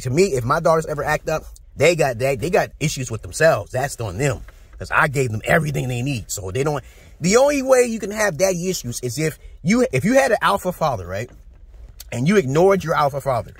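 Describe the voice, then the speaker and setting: Speaking fairly quickly with a high, animated, breathy voice, this forties-something New Yorker from Brooklyn delivers a profane, preachy rant straight to his vlog viewers. The recording is dry.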